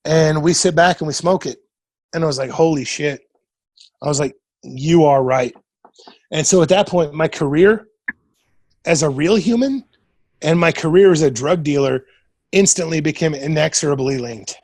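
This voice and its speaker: A man of around forty from Nebraska, USA, appears as a podcast guest, swearing freely in casual storytelling and voicing the people he quotes. He talks at normal speed in a husky, slightly breathy, darkish voice pitched fairly high for a man. There's no room echo; the audio is dry and close.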